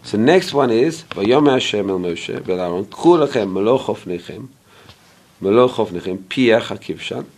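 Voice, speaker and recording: A man's voice: fairly low pitch, lively intonation, darkish tone. Man teaching a Bible class. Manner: explains verse by verse and checks in with "right?"; pauses to search for English words. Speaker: Torah teacher.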